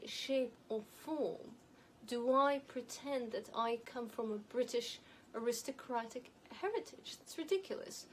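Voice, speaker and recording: A woman with a light, elocution-trained non-native accent gives a measured, emphatic advice monologue to camera as an image and style consultant. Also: fairly high pitch, a little mellow, slight background noise, rough recording.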